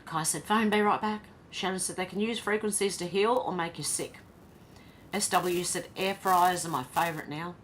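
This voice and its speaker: This Australian host keeps her fairly low voice quite even in intonation, speaking at an ordinary pace. She reads viewers' comments aloud on her casual livestream and responds between them, with slight background noise present.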